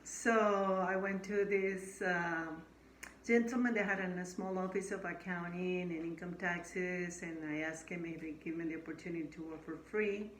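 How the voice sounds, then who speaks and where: Immigrant woman recounting her first jobs, animated, roomy echo, faint hiss behind. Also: on the low side, normal speed. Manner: animated, acts out quoted dialogue. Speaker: interviewee. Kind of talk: casual storytelling interview. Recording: echoey room, faint background noise.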